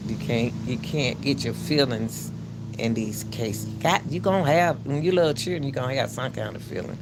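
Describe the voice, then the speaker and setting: A man hosting his own channel, giving casual spoken commentary in a loud, projected coach's voice, emphatic and preachy, often repeating himself. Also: medium pitch, normal speed, noisy background. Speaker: channel host commenting on a court case.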